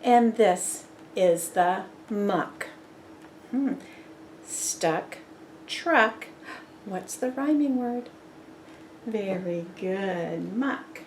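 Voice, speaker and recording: Very slow, patient woman reading aloud. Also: mid-range voice, a little hiss or hum. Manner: patient, praising, asks questions. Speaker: storybook reader. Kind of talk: children's read-aloud with rhyming quiz.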